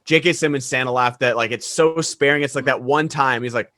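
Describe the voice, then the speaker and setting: A man chatting enthusiastically about a favorite film on a video call, getting loud when excited. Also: mid-range voice, brisk, hardly any pauses, no echo, studio quality. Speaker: podcast co-host. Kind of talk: casual movie discussion. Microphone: remote video call.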